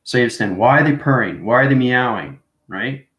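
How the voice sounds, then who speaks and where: A man's voice: medium pitch, expressive, fairly quick, fairly bright tone, echoey room, poor audio. A man hosting a casual spiritual monologue, rambling and checking in with "right?" and "you know what I mean" after nearly every point. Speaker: spiritual video host.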